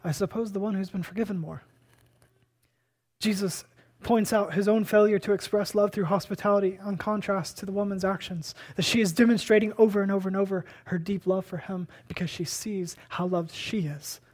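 Emphatic preacher swinging hushed to loud. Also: mid-range voice, steady tone, fairly quick. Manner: asks and answers rhetorical questions. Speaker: pastor. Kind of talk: sermon.

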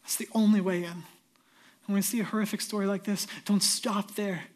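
A middle-aged male pastor preaching a sermon, swinging from loud emphatic peaks down to hushed near-whispers. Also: high-pitched, fairly even intonation, brisk.

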